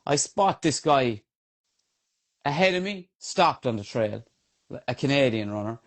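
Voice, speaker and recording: On a podcast, an Irishman who runs trails tells a race tale in an unhurried, medium-pitched voice. He keeps it lively and informal, with plenty of fillers and swear words.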